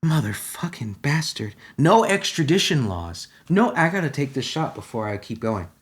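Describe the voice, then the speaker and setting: A man hosting a comedy podcast, ranting in a profane, agitated way and swinging between shouting and muttering. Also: mid-range voice, big pitch swings, normal speed. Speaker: podcast host.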